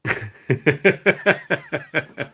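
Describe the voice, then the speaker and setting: A man's voice: a little high, animated, very slow, bright, forceful tone, husky. A man hosting a live stream, reading out chat comments in crude, sweary banter and laughing often. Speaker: livestream host.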